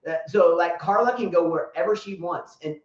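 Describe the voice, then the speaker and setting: A man's voice: high voice, moderate pace, muffled recording. Man, co-host, joking, repetitive teasing, roomy echo. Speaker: tennis show co-host. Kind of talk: casual live-stream chat. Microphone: computer mic on a live stream.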